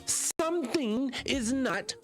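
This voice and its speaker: A man's voice: very high voice, animated, takes it slowly, a bit bright, faint music behind. A man hosting a casual commentary monologue, talking emphatically and firing rhetorical questions straight at his viewers. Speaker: channel host.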